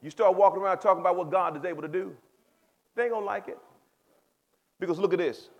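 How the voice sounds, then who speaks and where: Man, pastor, youth sermon, very high voice, casual speech, calls on listeners by name, loud then quiet. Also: quick pace. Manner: preaching, addresses listeners by name; swings between loud exhortation and quiet explanation.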